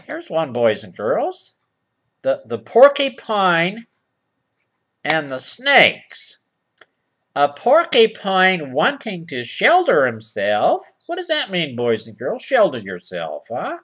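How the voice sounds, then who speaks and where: A man's voice: a little high, huge pitch swings, a bit bright, a little hiss or hum. A man doing a mock children's-show comedy reading of old rhymes, sarcastic and mock-innocent, drawling out the quoted lines and asking the boys and girls. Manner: drawls slow over-read quotes. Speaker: comic reader of nursery rhymes.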